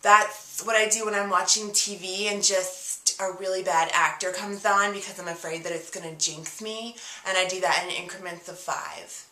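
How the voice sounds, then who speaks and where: A woman's voice: medium pitch, fairly even intonation, moderate pace, hardly any pauses, sharp tone, roomy sound, a little hiss or hum, natural voice. A woman playing a theatrical self-important actress. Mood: indignant rant. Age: young adult. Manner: projecting, over-enunciated, dramatic ranting. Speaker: comic video diarist. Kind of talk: scripted comedy character monologue.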